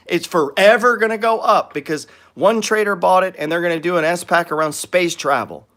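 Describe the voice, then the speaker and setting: A man's voice: high voice, a little fast, few pauses, a bit bright. A man hosting a trading show, talking bluntly with frequent swearing and acting out what other people say. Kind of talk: profane ranting talk on trading.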